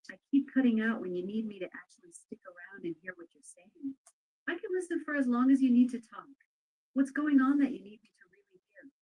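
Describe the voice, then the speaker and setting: Polite woman's assistant voice, slightly high. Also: a little fast, breathy edge, narrow, tinny audio. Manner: polite, agreeable, steady. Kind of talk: synthetic assistant replies.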